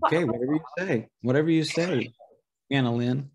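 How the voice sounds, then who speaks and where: A middle-aged man with a mid-range voice sits for a podcast interview. He explains how he works in a measured, thoughtful way, trailing off and restarting as he builds his answers. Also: mid-range voice, slight background noise. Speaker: voice impressionist guest.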